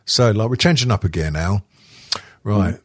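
A man's voice: lowish voice, lively intonation, moderate pace, slightly rough. A man hosting a casual podcast, reading a list aloud with constant swearing and jokes. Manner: swears constantly, jokey, laughs often.

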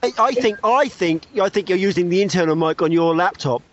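A man's voice: high voice, expressive, brisk, fairly bright tone, highs cut off. A man co-hosting a casual podcast, teasing the others with cheeky jokes.

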